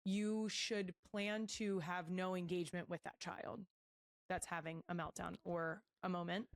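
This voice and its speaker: A woman hosting a podcast, giving calm, matter-of-fact advice. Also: lowish voice, measured pace. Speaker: podcast host.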